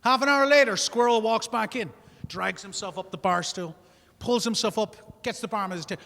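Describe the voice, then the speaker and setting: A very high-pitched, bright-toned Irish man compering a comedy show. His jaunty joke-telling rings out with a long reverb from the club room. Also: a little fast, creaky. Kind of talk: stand-up joke and act introduction.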